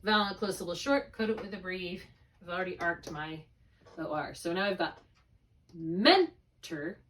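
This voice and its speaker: A woman's voice: lowish voice, brisk, a bit bright, distant mic, a little hiss or hum. Patient woman tutor, slightly off-mic. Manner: patient, thinking aloud step by step. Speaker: reading tutor. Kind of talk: one-on-one spelling lesson.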